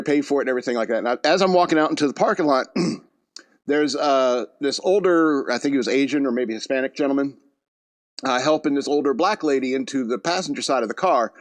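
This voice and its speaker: A man's voice: medium pitch, no echo. Chatty male podcast host, dry studio sound. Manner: rambling, chatty, laughs at his own jokes. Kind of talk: casual storytelling monologue.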